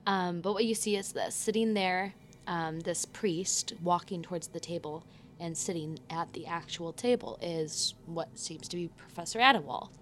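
A woman narrating a tabletop game scene as game master, relaxed and filled with ums and uhs. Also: on the low side, moderate pace, slight background noise.

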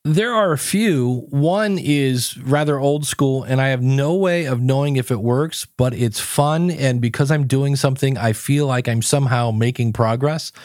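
Man, podcast guest, animated storyteller, mid-pitched voice, dry sound. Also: measured pace, few pauses, dry recording. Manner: animated storyteller acting out his own quotes. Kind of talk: casual interview chat.

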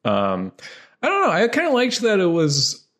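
A man's voice: sits high, wildly swooping pitch, moderate pace, fairly bright tone. Joking man in casual film chat. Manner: joking, dry, often laughing. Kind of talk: casual chat about films.

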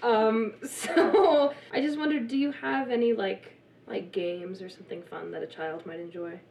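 A woman playing a tabletop game, speaking in a hesitant, soft, friendly way. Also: medium pitch, steady tone, unhurried, vocal fry, slight background noise. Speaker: player. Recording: roomy, distant table mic.

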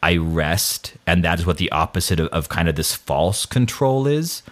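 A man with a very low voice talks through scripture in a relaxed, conversational way. He often stumbles and restarts his sentences, and he pokes fun at himself as he goes. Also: normal speed. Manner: rambling, self-deprecating, many restarts. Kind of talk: casual faith talk.

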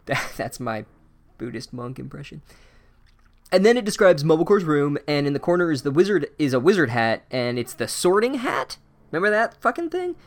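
A man hosting a podcast, recapping a book in a profane, sarcastic, animated way. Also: on the high side, moderate pace. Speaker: podcast host.

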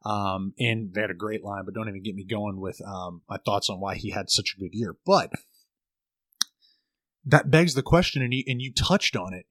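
A young man co-hosting a sports podcast, talking fast with lots of restarts and repeated words. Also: fairly low pitch, dry recording. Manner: animated, stammering restarts. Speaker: podcast co-host. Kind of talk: casual sports chat.

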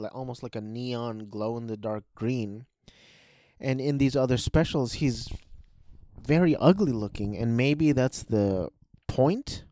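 Slow, rambling male reviewer. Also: mid-range voice, dark tone, no room sound, studio quality. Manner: rambling, hesitant, with restarts. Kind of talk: casual spoken review.

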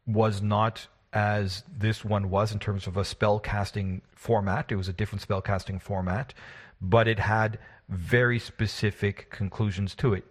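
A man's voice: on the low side, flat delivery, unhurried, slightly rough. A man who is the game master, recapping a tabletop session in a casual, rambling, self-deprecating way.

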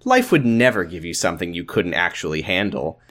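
A man's voice: deep voice, sing-song, fairly quick, fairly bright tone. A man co-hosting a podcast, reading fan fiction aloud in a dry, mock-dramatic way and chatting casually between lines. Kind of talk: casual comedic reading and chat.

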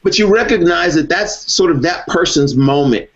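A man who is a guest in an interview, talking in a measured way with frequent "you know" fillers. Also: a little high, lively intonation. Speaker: guest, former reality race contestant. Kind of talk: conversational interview. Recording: dull lo-fi recording.

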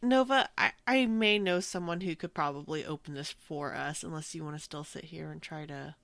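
A woman talks through her moves in a tabletop game, thinking aloud in casual chat. Her voice is bright and edgy, with a gravelly fry. The sound is close and dry. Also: deep voice, moderate pace, no room sound. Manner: chatty, thinks aloud with fillers. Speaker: player.

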